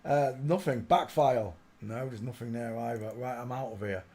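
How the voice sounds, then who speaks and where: A man hosting a casual livestream, commenting while he searches through images, often muttering quietly to himself and breaking into loud laughing outbursts. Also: mid-range voice, normal speed. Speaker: livestream host.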